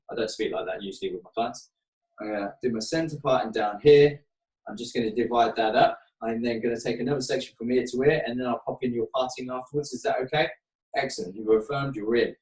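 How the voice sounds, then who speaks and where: A man's voice: medium pitch, quick pace, a little mellow. Chatty middle-aged man, echoey and distant. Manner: chatty, rambling, earnest mentoring tone. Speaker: hairdressing educator. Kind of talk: live webinar demonstration. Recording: roomy sound, far from the mic.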